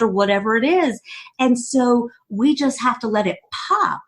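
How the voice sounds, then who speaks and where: A woman guest on a podcast interview, telling a personal story with quick bursts, restarts and laughs. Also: on the high side, lively intonation. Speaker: guest, author and CEO.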